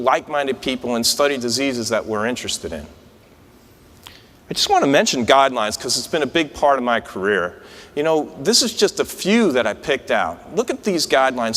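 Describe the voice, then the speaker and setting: An incoming society president, a man with a mid-range, slightly bright voice, gives a conference speech from a podium mic in a large convention hall. His delivery is conversational and anecdotal, with frequent restarts. Long hall reverb trails his words.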